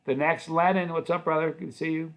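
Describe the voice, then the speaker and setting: A man's voice: on the high side, flat delivery, a little fast, fairly bright tone. A middle-aged man hosting a livestream, answering viewer comments in a loose, rambling, friendly way with many restarts. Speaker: channel host.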